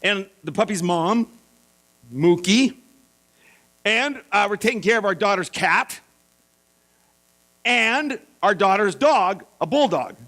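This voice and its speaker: A middle-aged male pastor telling a self-mocking story in a sermon, animated and playful. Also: high-pitched, takes it slowly, pauses often. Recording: mains hum.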